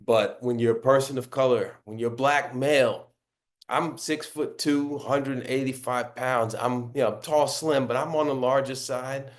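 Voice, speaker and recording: A man with a baritone voice answers as the interview guest. He explains his points earnestly and often tags his sentences with "right?". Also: steady tone, normal speed. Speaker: author and guest.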